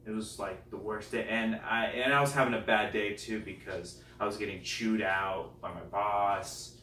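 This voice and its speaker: A man, a comedian guest, telling a personal story in an animated, self-deprecating way. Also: lowish voice, normal speed. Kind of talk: comic storytelling. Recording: roomy, distant mic, faint noise.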